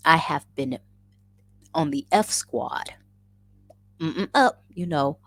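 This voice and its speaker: A woman in her forties casually telling a story as a vlogger, animated and self-mocking. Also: low voice, slow pace, dry recording. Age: 40s. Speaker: vlogger and rabbit farmer.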